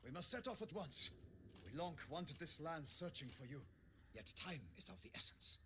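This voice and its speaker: An actor playing a solemn knight herald in a video game, speaking in formal, ceremonious, declamatory lines. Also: male voice, on the high side, very animated, moderate pace, background noise.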